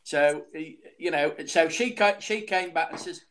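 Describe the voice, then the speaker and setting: A man chatting casually in a group, gossipy and lively. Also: fairly high pitch, a little slow, a crowd in the background.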